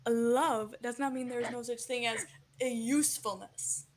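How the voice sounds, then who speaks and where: A woman acting out a smug, scheming middle-aged male villain from a tabletop game who talks down to everyone and calls them darling. The voice stays high. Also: steady tone, moderate pace, a little hiss or hum, close to an everyday voice. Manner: condescending, calls others darling.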